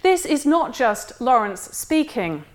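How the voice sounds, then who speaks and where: A woman giving a literature lecture in a measured, wry way, reading quoted passages aloud. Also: sits high, sing-song.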